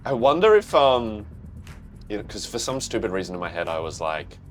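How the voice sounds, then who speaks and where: A young man with an Australian accent, excitedly reacting to a manga, swearing often and calling things crazy. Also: fairly low pitch, fairly quick, slight background noise. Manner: excitable, swears, says "bro" a lot. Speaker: manga reaction channel host.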